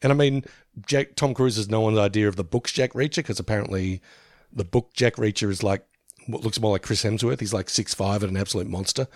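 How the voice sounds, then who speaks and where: A man's voice: fairly low pitch, brisk, darkish tone, no echo, studio quality. A man in his fifties co-hosting a podcast in casual chat, who laughs often, swears and acts out quotes. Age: 50s. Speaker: podcast co-host.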